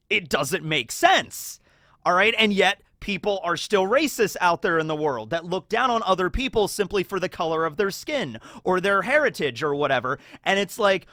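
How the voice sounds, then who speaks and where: A man's voice: high-pitched, bright, forceful tone, no room sound, clean studio sound. A man hosting a casual anime fan video, talking enthusiastically and rambling with many fillers.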